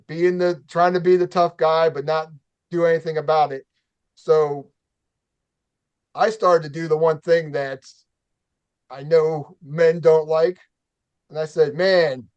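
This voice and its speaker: A man hosting a casual talk show, telling a story in an animated, profane way and acting out the quotes. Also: fairly high pitch, clean tone, dull audio. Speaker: show host.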